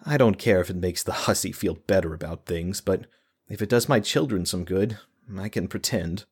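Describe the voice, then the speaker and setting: A man voicing a defeated, grieving village mother who talks in a flat, bitter monotone. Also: low voice, normal speed, slightly rough. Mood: weary, bitter.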